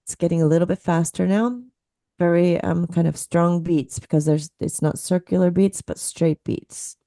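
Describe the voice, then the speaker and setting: Female lecturer on a video call: deep, fry-edged voice, patient, counts beats aloud. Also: fairly even intonation, normal speed, dark tone, no echo, studio quality. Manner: explanatory, counts beats aloud, laughs at her own slips. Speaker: musicology professor presenting.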